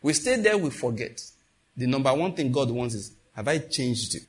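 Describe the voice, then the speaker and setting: A man preaching a sermon with lively call-outs to his congregation. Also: mid-range voice, moderate pace, breathy edge. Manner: animated preaching with call-outs and acted quotes.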